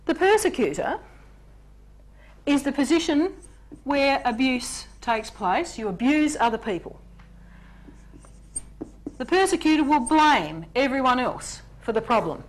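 A woman presenting a relationships workshop in an animated way, acting out examples in character voices. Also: high-pitched, a little slow, pauses often. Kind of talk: lecture on relationships.

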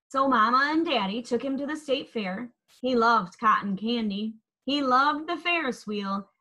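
A woman reading a children's picture book aloud in an expressive, lilting storytelling manner. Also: on the high side, low-quality recording.

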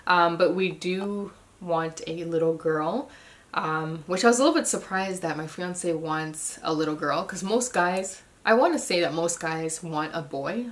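A young woman chatting casually in a pregnancy update vlog, a little short of breath, with loose talk and many ums. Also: on the low side. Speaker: vlogger.

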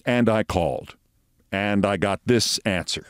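A man's voice: lowish voice, unhurried, clean tone, no room sound, clean studio sound. A man in his sixties hosting a commentary show, telling anecdotes in a wry, conversational way. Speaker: show host.

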